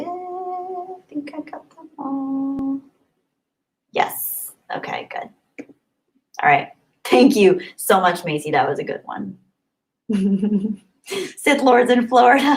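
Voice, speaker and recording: Bubbly young woman chatting on a livestream. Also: medium pitch. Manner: bubbly, gushing and excitable; chatty, thinks aloud while reading the chat. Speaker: livestream host. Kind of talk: casual live chat, reading super chats.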